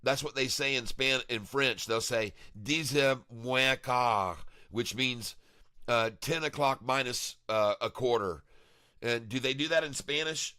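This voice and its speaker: A man's voice: medium pitch, measured pace, clear, resonant tone, no echo, studio quality. A man hosting a live day-trading stream, chatting in a rambling, showy way and hyping his viewers. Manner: chatty and showy, chuckles often, hypes viewers as "ladies and gentlemen". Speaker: livestream day-trading host.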